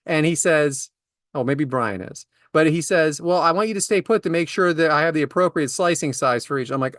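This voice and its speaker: A man's voice: on the high side, brisk, a bit bright, no room sound, clean studio sound. A man in his forties, a podcast co-host, telling comedic anecdotes about everyday annoyances in an exasperated, ranting way. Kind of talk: casual comedic storytelling.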